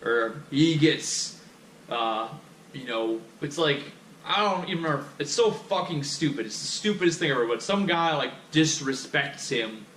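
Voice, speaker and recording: A young man unloads an exasperated, profanity-laced rant straight to the camera. His voice sits a little high and bright. It carries a roomy echo and a faint background hiss. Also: lively intonation, normal speed. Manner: swears constantly, heated and exasperated. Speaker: vlogger. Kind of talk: profane ranting monologue. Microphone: action camera. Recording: echoey room, faint background noise.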